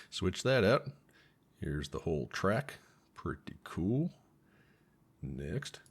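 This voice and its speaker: Rambling low-voiced man, chuckling vlogger. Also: background noise. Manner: rambling, chuckling, thinks aloud with fillers. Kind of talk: casual voice-over commentary.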